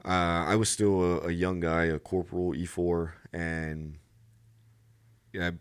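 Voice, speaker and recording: Deep-voiced man telling service stories. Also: little pitch movement, unhurried, smooth. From United States. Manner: rambling anecdotes with restarts, laughs at own stories. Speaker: podcast guest, Marine gunnery sergeant. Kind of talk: casual storytelling interview.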